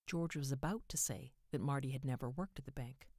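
A woman narrating a short story in an expressive way, giving each character a voice. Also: a bass voice, a little fast, no room sound, clean studio sound.

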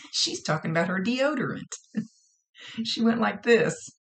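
A woman's voice: fairly high pitch, lively intonation, slow, creaky. A woman working as a psychic medium who gives a casual reading, relaying messages and direct advice and often repeating her phrases.

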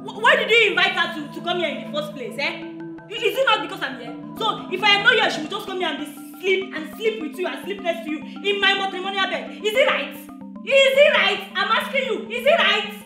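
A woman's voice: extremely high pitch, animated, fast, bright, forceful tone, exaggerated voice. A Nigerian woman playing a jealous, scolding young wife in a film drama. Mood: accusing. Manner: scolding, accusing, bossy. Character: jealous, confrontational young wife, bossy and loud. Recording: echoey room with music.

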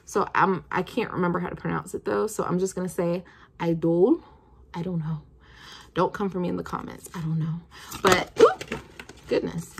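Woman in her twenties, lowish voice, chatty perfume review vlog, rambling fillers. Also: fairly even intonation, brisk, creaky, husky. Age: 20s. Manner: chatty, thinking aloud with many "like" fillers.

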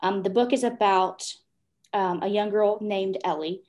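उत्साही महिला पॉडकास्ट होस्ट. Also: female voice, medium pitch, fairly even intonation, measured pace, a little mellow, highs cut off. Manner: enthusiastic, rambling, gets emotional. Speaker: library podcast co-host. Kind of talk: podcast interview.

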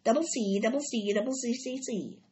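A fussy male gander repeats himself and stumbles over his words, as a woman puts him on. His voice is fairly high. The recording sounds dull and lo-fi. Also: a little fast, dark tone, natural voice. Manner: stammering, repetitive.

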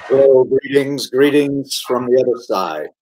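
A man's voice: mid-range voice, unhurried, warm tone, faint music behind, lightly acted. A man playing a pompous, overly formal ghost of a cult founder at a comedy roast.

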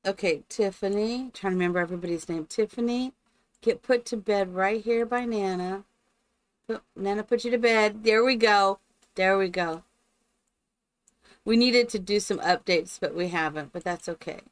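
A woman's voice: medium pitch, moderate pace, no room sound, poor audio. A woman streaming gameplay live, chatting along and talking fondly to her game characters, after opening with a spoken blessing.

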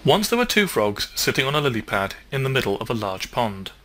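Bright-voiced man reading a storybook. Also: medium pitch, sing-song. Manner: clear, measured storytelling. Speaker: storybook reader. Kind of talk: children's story read-aloud.

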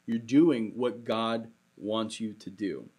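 A young adult man preaching a sermon in a relaxed, conversational way, mixing scripture reading with a personal story. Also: lowish voice, slow, breathy edge. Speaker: pastor.

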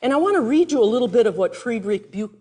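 A woman pastor preaching a sermon, retelling a Bible story expressively and dropping into soft near-whispers. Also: a little high, lively intonation, fast, slightly rough.

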